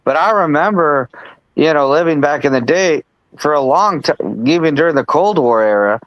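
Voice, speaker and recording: A man's voice: fairly high pitch, lively intonation, normal speed, dry recording, highs cut off. A man hosting a casual political chat on a live stream, rambling with lots of restarts and asides. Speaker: host.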